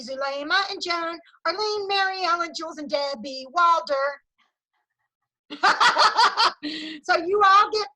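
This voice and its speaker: Woman, high bright voice, peppy sales team pep talk, video call. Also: low-quality recording. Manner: enthusiastic, cheering, Southern "y'all". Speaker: sales director leading a team meeting.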